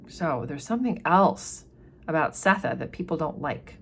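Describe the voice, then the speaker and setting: Lady teacher talking thru a novel chapter, casual and explain-y, kinda low voice. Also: animated, normal speed, fairly bright tone, husky. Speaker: literature teacher. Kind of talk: chapter-by-chapter book commentary.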